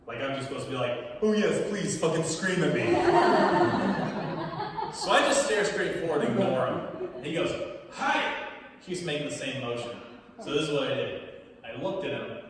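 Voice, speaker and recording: A young man performing a stand-up comedy set in a small theater, telling animated stories to a laughing audience. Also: mid-range voice, a little fast, pauses often. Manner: animated storytelling, punchlines with crowd laughter. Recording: echoey hall from far off.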